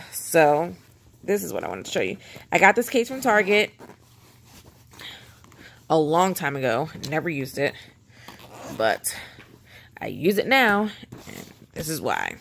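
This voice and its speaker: A woman's voice: low voice, big pitch swings, measured pace, creaky, pauses often, slight background noise. A woman vlogger chatting casually and rambling as she shows off her pen collection at home, self-mocking and chatty. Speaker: planner vlogger. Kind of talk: casual show-and-tell chat.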